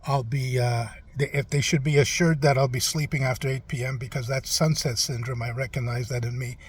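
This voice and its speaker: A man's voice: mid-range voice, steady tone, husky, lightly acted. A man doing a rambling, forgetful old president. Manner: halting, trailing off, full of "uh". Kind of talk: comic impression interview.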